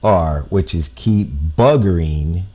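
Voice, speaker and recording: A man's voice: deep voice, slow pace, mellow. A man explaining a code on screen step by step, thinking aloud and often checking in with "right?". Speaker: amateur code-breaker.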